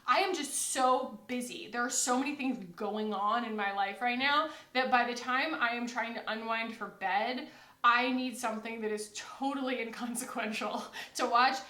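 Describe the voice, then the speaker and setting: A young adult woman from the United States chatting casually to camera as a vlogger, rambling and quoting people in animated asides. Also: on the high side, normal speed, echoey room. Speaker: beauty vlogger.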